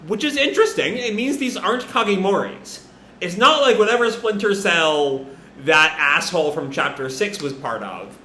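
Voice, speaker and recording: A man's voice: on the high side, sing-song, normal speed, pushed and bright, reverberant, a little hiss or hum. A man casually recapping a comic chapter as a reaction host, rambling with lots of fillers and the odd swear word.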